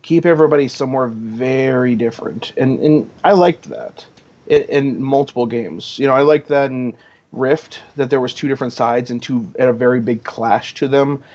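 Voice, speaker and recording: A man's voice: mid-range voice, moderate pace, darkish tone. A man chatting as a podcast guest, rambling and filling his talk with "you know", acting out quoted dialogue. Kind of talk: casual podcast chat. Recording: dull lo-fi audio.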